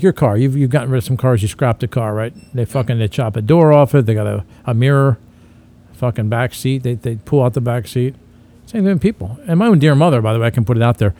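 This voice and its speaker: A man's voice: mid-range voice, warm tone. A man hosting a comedy podcast, rambling in crude banter and slipping into mocking voices.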